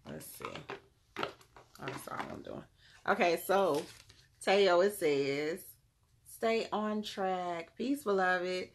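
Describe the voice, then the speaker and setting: A woman's voice: lowish voice, slow, long pauses. A woman giving a casual tarot reading on a live stream, laid-back and slangy, calling her viewers "beloved".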